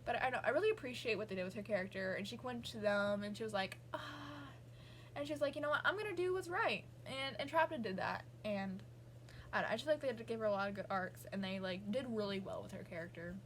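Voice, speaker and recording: A young woman vlogger rambles casually and fast in a mid-range voice, gushing with plenty of fillers and asides, over slight background noise.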